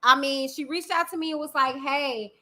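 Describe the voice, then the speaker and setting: Bright, high-voiced chatty woman streamer. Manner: chatty, greets viewers by name, drawn-out affectionate greetings. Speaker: livestream host. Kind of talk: casual live-stream chat. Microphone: computer mic in live stream software.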